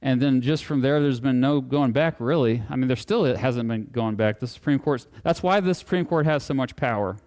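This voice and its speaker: A man giving a live public lecture to an audience, casual and animated, joking and making asides as he talks. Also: medium pitch, moderate pace, hardly any pauses. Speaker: guest speaker. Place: hall, talking to a live audience. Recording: long hall reverb.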